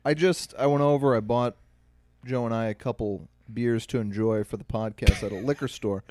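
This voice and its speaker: A man co-hosting a comedy podcast, spinning rambling stories in a dry, offhand way. His voice sits at an ordinary male pitch. He is recorded close on a studio mic in a dead, dry room. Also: steady tone, moderate pace, a little mellow, dry recording. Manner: rambling anecdotal storyteller, dry jokey delivery. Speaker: podcast co-host.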